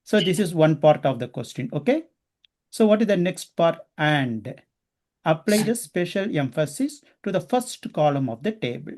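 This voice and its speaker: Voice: mid-range voice, big pitch swings, normal speed, darkish tone. An instructor teaching a class step by step and often checking in with the students. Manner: explains step by step, often asking the class questions.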